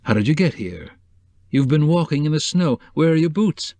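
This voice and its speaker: A man voicing a calm, kindly middle-aged male newspaperman who speaks in a reassuring way. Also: a little high, moderate pace, no room sound, voice pushed up. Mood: concerned.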